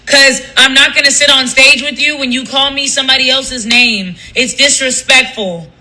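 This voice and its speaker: A man's voice: very high-pitched, fairly even intonation, moderate pace, pushed and bright, rough recording. A man hosting a livestream, ranting casually in a blunt, profane, gossipy way. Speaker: livestream host.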